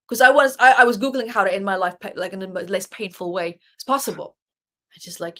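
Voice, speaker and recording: A woman's voice: on the high side, lively intonation, a little fast, a bit bright. Earnest woman telling a personal story. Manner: earnest, emphatic, acts out her own inner dialogue. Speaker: guest, author and life coach.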